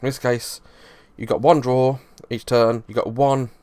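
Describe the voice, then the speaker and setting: A man talks through how a card game works in an easygoing review. His voice sits at a middle pitch, and he explains things loosely, backing up and rephrasing as he goes. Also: little pitch movement, a little slow, darkish tone. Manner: loose, rambling explanation with frequent restarts.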